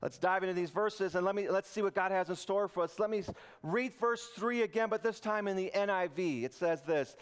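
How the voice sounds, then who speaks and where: A pastor preaching in a joking, easy way. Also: male voice, sits high, fairly quick, smooth. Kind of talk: sermon. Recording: podcast intro over loud guitar music.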